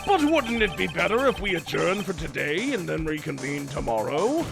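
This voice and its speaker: A man's voice: on the high side, very animated, moderate pace, gravelly, over music, pitched below the performer's own voice. A man voicing a stern, fussy elderly male judge in a video game, speaking formally.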